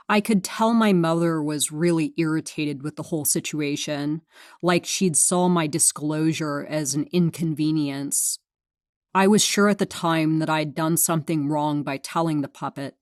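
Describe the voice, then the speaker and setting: A woman's voice: sits low, normal speed, no echo. A woman from California reading her own memoir aloud, frank and sardonic with a dry sense of humor. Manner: frank, sardonic, dryly funny. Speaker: memoir narrator.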